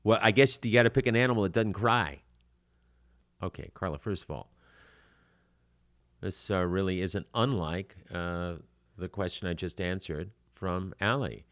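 Older guy giving acting advice on his podcast, low voice, punchy and animated, lots of ums, dry close sound. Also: unhurried, pauses often, no echo. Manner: animated, emphatic, frequent filler words. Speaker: acting coach podcast host.

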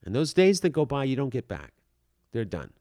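A man's voice: mid-range voice, sing-song, moderate pace, a little mellow, dry recording, clean studio sound. A man giving an earnest motivational talk, circling back on his points and saying "you know" often. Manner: earnest, repeats himself, frequent "you know".

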